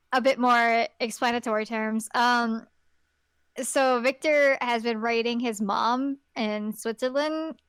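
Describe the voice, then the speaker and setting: A woman's voice: a little high, fairly bright tone, smooth, no room sound. A woman co-hosting a podcast in casual chat, talking in a chatty way and playfully acting out characters she quotes. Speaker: podcast co-host.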